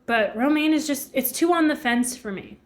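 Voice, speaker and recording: A woman's voice: sits high, animated, moderate pace. A young woman chatting casually with her live-stream chat while cooking in her home kitchen, giggling often.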